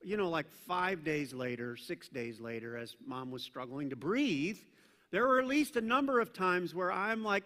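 A male pastor preaching a sermon in a conversational, animated way, with casual asides to the congregation. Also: high-pitched, normal speed. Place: church sanctuary. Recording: reverberant church hall.

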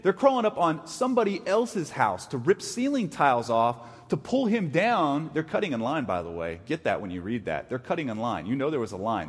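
A middle-aged man preaching a sermon in a conversational, animated way, acting out short quotes as he teaches. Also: a little high, husky, big-room sound. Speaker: pastor.

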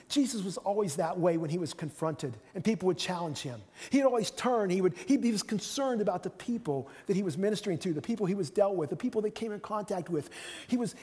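A man's voice: high-pitched, a little mellow, husky, long reverb tail. A man preaching a sermon in a conversational way, often repeating phrases and acting out quotes.

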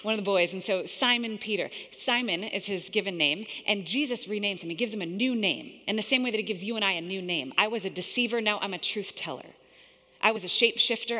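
A woman preaching a sermon in a lively, conversational way, often laughing and dropping to a whisper for quoted lines. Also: medium pitch. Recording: long hall reverb.

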